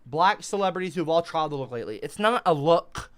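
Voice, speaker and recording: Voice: animated, quick pace, no echo. An online commentator ranting about an article, emphatic and repetitive, with stammering restarts. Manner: emphatic, repetitive, stammering restarts, swings high when outraged.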